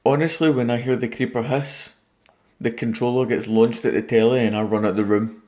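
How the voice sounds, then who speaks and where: A man's voice: medium pitch, fairly even intonation, a little fast, a little mellow. A man casually commenting on his gameplay late at night, rambling and joking with viewers. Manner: rambling, jokey, talking to viewers. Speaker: gaming YouTuber.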